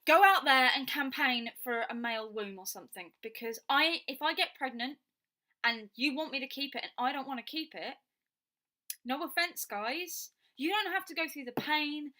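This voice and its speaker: A young Englishwoman with a bright, edged voice pitched a little high. She gives her opinions to camera in a blunt, outspoken vlog rant and swears freely. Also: normal speed. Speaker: vlogger.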